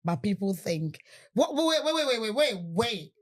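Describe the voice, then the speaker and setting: A woman co-hosting a podcast in casual chat, blunt and quick to laugh. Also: mid-range voice, sing-song. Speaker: podcast co-host.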